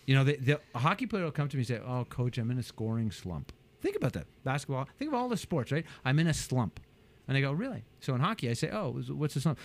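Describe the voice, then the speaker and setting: An energetic man talks as a coach in an interview, his slightly high voice leaping around constantly. He acts out little scenes in other people's voices, jumping far up in pitch for emphasis. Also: fast. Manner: energetic, acts out quotes with big pitch jumps. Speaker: guest, business coach. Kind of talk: animated interview talk.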